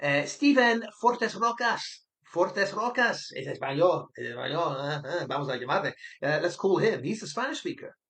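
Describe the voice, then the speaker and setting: A man puts on a female Spanish emergency operator who talks offhandedly, pausing and mulling over names as she reads. The voice sits a little on the high side. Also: lively intonation, fairly bright tone. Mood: offhand.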